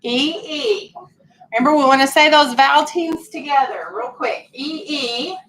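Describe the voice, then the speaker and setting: A woman teacher leading a classroom phonics lesson, patient and clear, drawing out her explanations. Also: high-pitched, a bit bright, slight background noise, rough recording. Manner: patient, clear, drawn-out instructional speech.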